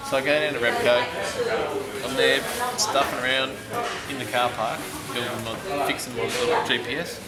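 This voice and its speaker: A man's voice: medium pitch, steady tone, normal speed, reverberant. An Australian man, a motorcycle rider, telling a rambling casual story.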